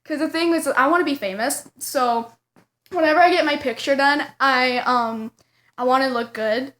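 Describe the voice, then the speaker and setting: A woman's voice: high voice, normal speed, a bit bright. A young woman telling a storytime vlog to the camera, giggling and dramatic as she tells it. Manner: giggly, dramatic, breaks into laughing. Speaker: vlogger.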